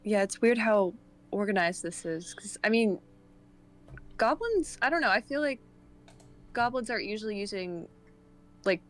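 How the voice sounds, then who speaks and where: A woman's voice: mid-range voice, normal speed, long pauses. A woman playing a tabletop game, thinking aloud and hedging as she talks. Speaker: player.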